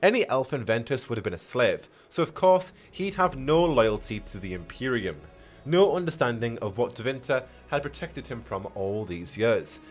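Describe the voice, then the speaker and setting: A man's voice: mid-range voice, sing-song, normal speed, faint music behind. A man reading a fantasy story aloud on a live stream, often stumbling and rereading with chatty asides.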